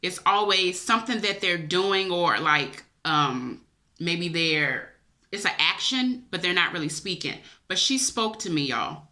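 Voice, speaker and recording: A woman vlogger with a bright, forceful tone, sitting a little low in her register as she recounts a dream to her viewers. She talks in a chatty, emotional way, teary-eyed and calling them y'all. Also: expressive, a little slow. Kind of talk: personal storytelling to camera.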